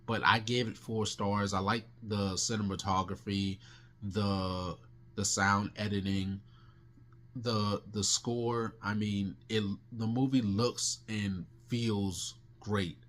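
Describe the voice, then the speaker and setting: A man with a fairly low voice talks through his monthly movie reviews in a loose, unscripted way. He restarts sentences often and leans on fillers as he gives his star ratings. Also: steady tone, slow pace, fairly bright tone. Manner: rambling, many restarts and fillers. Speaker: film reviewer.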